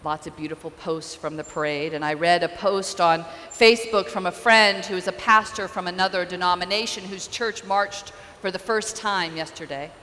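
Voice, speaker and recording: A woman pastor preaching a sermon, telling a story in an earnest, deliberate way. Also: fairly low pitch, steady tone, sharp tone, in a large hall.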